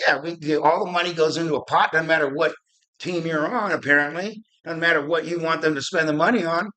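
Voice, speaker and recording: A man's voice: on the high side, fairly bright tone. A middle-aged man from Arizona, hosting his show in a fired-up, profane political rant that rambles and restarts. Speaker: podcast host.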